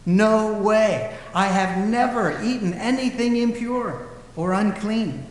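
A man preaching and voicing Peter as a startled man protesting, raised higher and louder than his own voice. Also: takes it slowly. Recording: echoey hall.

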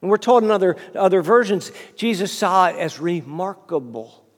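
A male preacher delivers a sermon as lively storytelling, stumbling over and repeating words as he goes. His voice sits high for a man. Long reverb from a big hall hangs behind every phrase. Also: normal speed. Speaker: preacher, fundraising minister.

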